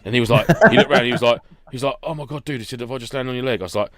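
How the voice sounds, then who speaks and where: A man's voice: medium pitch, fairly even intonation, very fast, fairly bright tone, no room sound, clean studio sound. A man co-hosting a podcast, chatting casually, telling anecdotes and swearing now and then. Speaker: podcast co-host. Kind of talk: casual chat.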